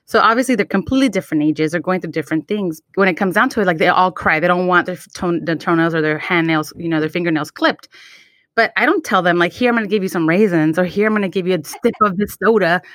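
A woman's voice: fairly low pitch, fast, a bit bright, no echo, studio quality. A woman co-hosting a podcast, chatting casually, acting out quotes and mixing Spanish into her English. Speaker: podcast co-host. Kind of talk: casual chat.

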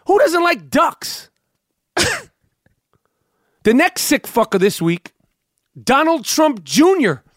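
Guy with a really high voice going off, swearing a lot, sounds incredulous, super dry close sound. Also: sing-song, slow, pauses often, fairly bright tone, no echo. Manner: profane, incredulous ranting. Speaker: podcast co-host. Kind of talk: casual comedic rant.

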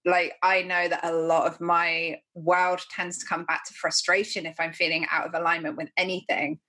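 A woman podcast host, reflective and agreeable in casual conversation. Her voice sits somewhat low for a woman. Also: little pitch movement, moderate pace, pushed and bright.

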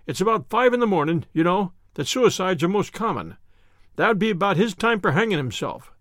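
A man's voice: high-pitched, sing-song, brisk, a bit bright, dry recording, studio quality, full character voice. A man voicing a hearty, blustering male police inspector who speaks emphatically. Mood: reporting.

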